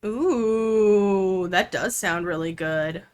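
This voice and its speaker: A woman's voice: medium pitch, extremely slow, a little mellow, clean tone. A woman streamer chatting casually with her viewers while playing a game, with plenty of fillers.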